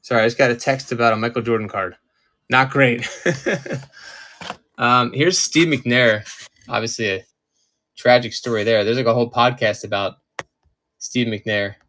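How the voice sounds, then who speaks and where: A man's voice: medium pitch, unhurried, long pauses, a bit bright. A man from Maryland running a live-stream collectibles auction, chatting casually with viewers while he sorts through items.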